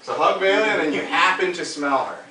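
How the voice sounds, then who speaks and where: Animated male dating coach, roomy sound. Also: fairly high pitch, a little fast, recorded from a distance, slight background noise. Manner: animated, demonstrative, laughs often. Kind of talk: coaching demonstration.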